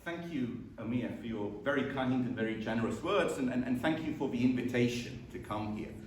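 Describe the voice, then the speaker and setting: A man's voice: mid-range voice, brisk. British-accented man lecturing in a roomy hall. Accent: mixed British with Scottish and Baltic tinges. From born in the UK, raised in England. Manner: self-deprecating, with frequent fillers and repeated words. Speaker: visiting professor. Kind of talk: academic lecture. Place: lecture room. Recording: echoey room from far off, faint noise.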